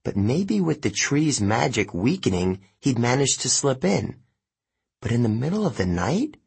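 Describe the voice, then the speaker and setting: A man reading an audiobook in a measured, plain storytelling way. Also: medium pitch, sing-song, gravelly, a little mellow, husky. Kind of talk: audiobook narration.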